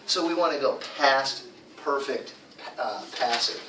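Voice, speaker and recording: A man's voice: medium pitch, lively intonation, measured pace, background noise. A man teaching English to a class, explaining grammar and drilling pronunciation with the students. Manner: drills pronunciation, stresses words, repeats phrases for class. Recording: echoey classroom from far off. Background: students talking.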